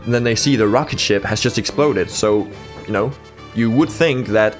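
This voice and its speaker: A man's voice: on the low side, moderate pace, soft background music. Blunt, profane young man reviewing movies. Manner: blunt and profane, with sarcastic asides. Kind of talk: casual spoken movie review.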